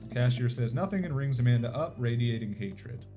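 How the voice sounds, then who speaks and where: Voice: medium pitch, expressive, brisk. A streamer casually reading a game's story aloud, sometimes correcting themselves mid-word. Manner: casual, self-correcting narration. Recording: background music.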